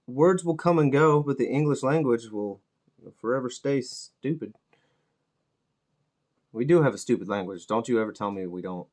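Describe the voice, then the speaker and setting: A man's voice: mid-range voice, expressive, normal speed, long pauses, darkish tone. A middle-aged man chatting casually while he paints miniatures, laid-back, swearing freely and joking at his own expense. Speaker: miniature painting channel host.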